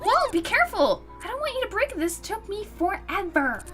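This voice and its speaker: A woman puts on an excitable young roommate for a visual novel, pitched even higher and brighter than her own voice. She is bubbly and bossy, and every line jumps up and down with energy. Faint music sits underneath. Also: brisk, exaggerated voice. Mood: flustered. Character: peppy bossy young female college roommate.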